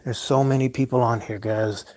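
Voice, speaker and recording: A man's voice: mid-range voice, steady tone, moderate pace, darkish tone, slight background noise. A young man hosting a casual livestream, rambling on, swearing often, sighing and trailing off mid-thought. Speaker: livestream host.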